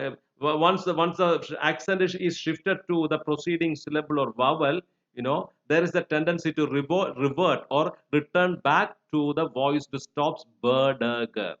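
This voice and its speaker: Hesitant man lecturing, slightly high voice. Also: fairly bright tone. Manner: hesitant, many fillers and restarts. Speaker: English teacher. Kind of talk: recorded lecture. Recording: dull lo-fi recording.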